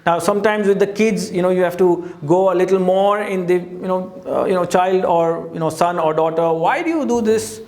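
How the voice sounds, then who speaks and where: A man with a rather high voice coaches the listener in an earnest, direct way, often dropping in "you know". He speaks in an echoey room. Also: level tone, brisk, few pauses, a little mellow. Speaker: life coach. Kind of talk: talk at a teaching board.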